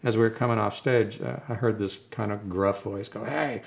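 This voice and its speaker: Older man with a gravelly low voice. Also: steady tone, a little fast. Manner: rambling, reminiscing, chuckles between stories. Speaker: rock drummer, interview guest. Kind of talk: casual interview storytelling.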